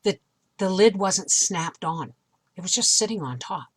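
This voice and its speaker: A woman's voice: lowish voice, expressive, unhurried, slightly rough. A middle-aged woman vlogger animatedly retelling a frustrating experience in a casual storytelling way. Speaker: homestead vlogger.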